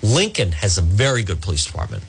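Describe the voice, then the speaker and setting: A man's voice: fairly low pitch, sing-song, quick pace, creaky, husky. A man hosting a talk radio show, speaking in an emphatic monologue and often restarting or repeating words.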